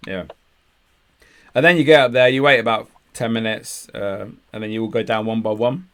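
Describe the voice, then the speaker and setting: A man's voice: fairly low pitch, steady tone, moderate pace, fairly bright tone, clear, resonant tone. A man co-hosting a podcast, chatting casually about a day out, with some swearing. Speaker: podcast co-host. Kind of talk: casual chat.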